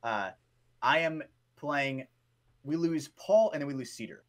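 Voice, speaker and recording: A man co-hosting a podcast, telling a story in a lively, profane way and often adding "right?" and "bro". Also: on the high side, unhurried. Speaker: podcast co-host. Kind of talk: casual storytelling chat.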